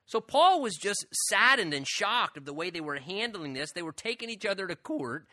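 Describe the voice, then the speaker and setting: A man's voice: a little high, lively intonation, fairly quick, hardly any pauses, sharp tone, no room sound, clean studio sound. A man preaching a sermon as pastor, conversational and earnest with joking asides.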